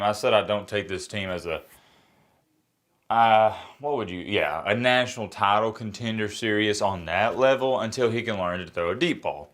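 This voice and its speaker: A man rants casually about a college football game, blunt, opinionated and self-mocking, often rambling and restarting sentences. His voice is mid-range and fairly bright.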